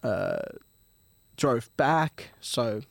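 A man's voice: mid-range voice, huge pitch swings, drawn-out words, vocal fry, no echo, studio quality. A man, a podcast guest telling a story in a rambling, profane, casual way. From Melbourne, Australia. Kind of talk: casual chat.

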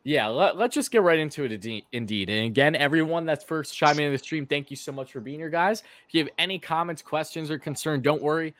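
A man's voice: on the high side, brisk, few pauses, fairly bright tone, no room sound. A man hosting a casual live-stream sports podcast, chatty and run-on, with fillers and restarts. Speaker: podcast host.

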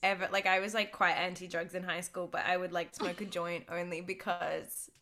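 A woman's voice: lowish voice, flat delivery, moderate pace, pushed and bright. An Australian woman guesting on a podcast, chatting casually in a rambling, playful way and swearing freely. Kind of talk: casual chat.

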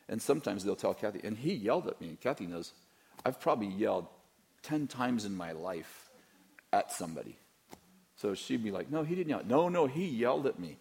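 A man's voice: on the low side, vocal fry. A middle-aged man, a pastor, talking candidly in a Q&A with a rambling, teasing manner and frequent restarts. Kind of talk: candid Q&A talk to a church audience.

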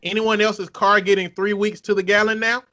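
A man's voice: sits high, flat delivery, moderate pace, sharp tone, highs cut off. A man co-hosting a podcast in casual chat, joking, cursing freely and laughing often. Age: adult with children. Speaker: podcast co-host.

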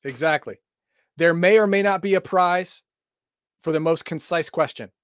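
Male co-host, somewhat high voice, dry close sound, jokey and emphatic. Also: normal speed, no room sound. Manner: joking, emphatic announcements. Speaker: game master podcast co-host. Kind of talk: casual live-stream chat.

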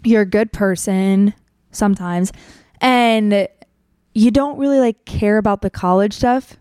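A woman's voice: medium pitch, measured pace, a little mellow, clean tone, no room sound. Chatty candid young woman, dry close sound. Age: young adult. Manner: chatty and candid, acting out quotes with swearing. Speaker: podcast host. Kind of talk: casual storytelling monologue.

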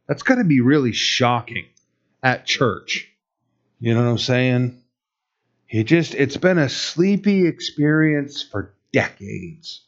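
A man's voice: medium pitch, animated, unhurried, highs cut off. A male pastor giving a conversational, emphatic sermon with rhetorical questions to the congregation.

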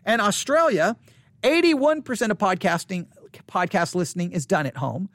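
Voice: medium pitch, animated, moderate pace, a bit bright, dry recording. A podcaster talking alone into a close microphone, reacting with incredulous asides and many restarts. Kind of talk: solo podcast commentary on listener statistics. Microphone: studio microphone up close.

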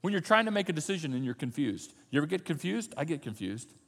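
A man preaching a sermon as pastor, animated, swinging from loud emphasis to soft, low asides. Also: quick pace, vocal fry, slightly rough, in a large hall. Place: church sanctuary.

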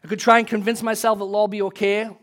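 A man preaching a sermon as pastor, earnest and emotional, swelling louder and then dropping soft, ending in prayer. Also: high voice, level tone, quick pace.

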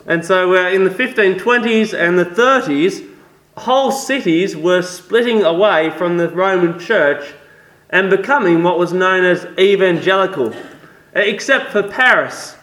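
A man's voice: high-pitched, a little slow, fairly bright tone. An Australian man playing a shy, scholarly French church reformer from the 1500s in a costumed interview, explaining his story earnestly. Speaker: costumed historical guest. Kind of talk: in-character interview. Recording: roomy echo.

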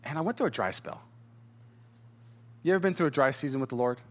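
A pastor delivers a sermon, animatedly recounting a personal story, voicing the quotes in different voices and chuckling often as he talks. His voice sits at a medium pitch and moves fast.

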